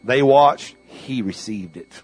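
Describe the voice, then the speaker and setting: A man preaching a sermon as pastor of a church, calling out to the congregation for responses and swinging between loud bursts and hushed asides. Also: mid-range voice, expressive, slow, soft background music.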